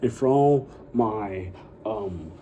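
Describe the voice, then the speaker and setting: This young man's lowish voice has lively intonation but moves extremely slowly, heard through a muffled recording with a noisy background. He's a YouTuber rambling in a casual vlog, stuffed with "you know" and "like" fillers, hyping his viewers.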